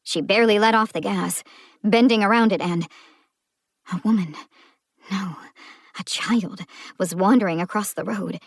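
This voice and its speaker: A woman narrating a thriller audiobook in a measured storytelling style. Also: mid-range voice, slightly rough, no room sound, clean studio sound.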